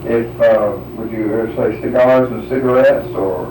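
A man's voice: mid-range voice, fairly even intonation, moderate pace, background noise. A man interviewing someone, hesitantly prompting answers with example sentences. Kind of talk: dialect survey questioning. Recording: roomy, distant mic.

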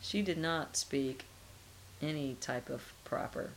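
A woman's voice: deep voice, slow, a little hiss or hum, low-quality recording. A middle-aged woman being interviewed, talking casually and musing with rhetorical questions.

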